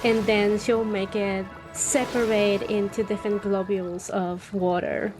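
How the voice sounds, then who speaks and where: A woman player lays out her character's actions unhurriedly, describing each detail with care. She speaks very slowly over faint background music. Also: mid-range voice, little pitch movement. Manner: slow, thoughtful, descriptive.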